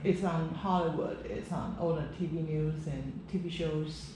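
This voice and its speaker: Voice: medium pitch, steady tone, measured pace. Emphatic trainer in an echoey room. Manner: emphatic, drills sounds, checks understanding. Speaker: trainer explaining pronunciation drills. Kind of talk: casual instructional chat. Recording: echoey room, faint background noise.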